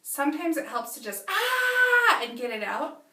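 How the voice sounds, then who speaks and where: A woman teacher reading a picture book aloud to young children, stopping often to ask them animated questions. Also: on the high side, brisk, recorded from a distance. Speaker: preschool teacher. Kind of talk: children's story read-aloud lesson. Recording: echoey room, away from mic.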